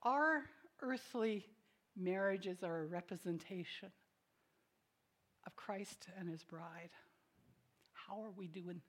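A woman preaches in a mid-range voice, taking it slowly and pausing often as she questions the congregation directly. She alternates emphatic statements with soft, self-deprecating asides spoken quietly.

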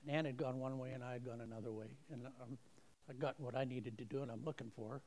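A man's voice: medium pitch, steady tone, fast talker, darkish tone, a little hiss or hum. A man giving a folksy, self-deprecating testimony at a church service, acting out the voices in his stories. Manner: folksy, self-deprecating storyteller who acts out quoted voices. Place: church service, streamed online.

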